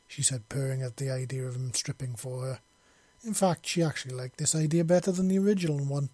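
A man narrating a story in a steady, measured audiobook reading. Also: medium pitch, no room sound.

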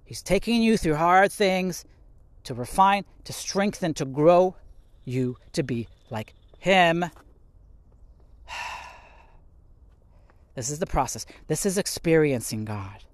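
Animated man teaching scripture, higher voice. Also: takes it slowly, long pauses, no echo. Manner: animated, laughs often, acts out quotes. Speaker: podcast Bible teacher. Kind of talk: casual podcast sermon.

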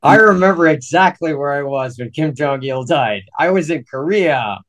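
A man's voice: on the high side, lively intonation, normal speed, fairly bright tone. Jokey man chatting about films. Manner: jokey, laughs easily. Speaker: podcast co-host. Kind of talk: casual film discussion.

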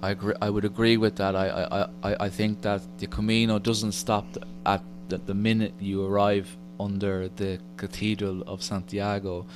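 A man's voice: lowish voice, normal speed, hardly any pauses. A man hosting an interview, often stumbling and repeating words as he talks. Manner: stammering restarts, repeats words. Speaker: podcast host. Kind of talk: casual interview chat. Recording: steady hum behind voice.

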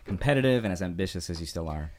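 A man's voice: deep voice, lively intonation, very fast. A man hosting an interview in a sauna, asking long, rambling questions with several parts. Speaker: podcast host. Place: inside a sauna.

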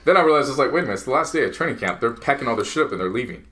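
A man co-hosting a podcast, riffing on football news in loose, profane, animated chat. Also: medium pitch, rapid-fire. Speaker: podcast co-host. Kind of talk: casual sports chat.

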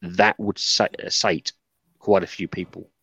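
A man's voice: deep voice, flat delivery, measured pace, sharp tone, husky, no echo. A man co-hosting a gaming podcast, earnest and thinking aloud. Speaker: podcast co-host. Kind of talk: casual panel chat. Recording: dull lo-fi mic.

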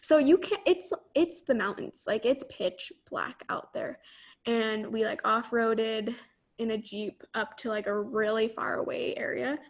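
Young woman, from las vegas, animated storyteller, fairly high voice, casual chat. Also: unhurried. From Las Vegas, United States. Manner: animated, laughs often, acts out quoted voices.

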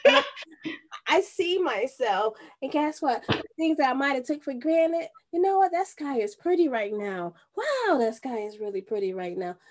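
A woman's voice: sits high, sing-song, normal speed. A woman hosting an interview, reacting in a heartfelt, effusive way with frequent restarts. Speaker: host. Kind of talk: casual interview chat.

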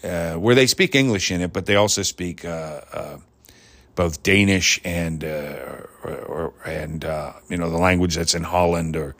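Rambling low-voiced man musing aloud. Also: unhurried. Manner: rambling, hesitant, with many fillers and restarts; reflective, grows more animated on points. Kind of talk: casual monologue.

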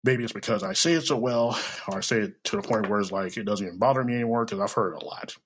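A man hosting a podcast, talking in a blunt, profane, self-deprecating casual monologue with a gravelly, husky voice. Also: fairly low pitch, fast, a little hiss or hum. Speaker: podcast host.

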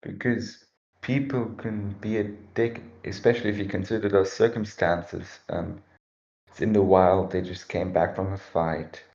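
A very deep-voiced man with a gravelly edge talks through a film in a calm, reasoning way, answering each point with a counterpoint. The sound is somewhat dull and lo-fi. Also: measured pace. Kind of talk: casual movie review chat.

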